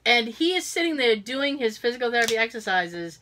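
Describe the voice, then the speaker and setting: Chatty podcast woman, bright voice, a bit high, acts out every quote. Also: a little fast, a little hiss or hum. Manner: animated storyteller, acts out quotes. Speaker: podcast co-host. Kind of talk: casual chat.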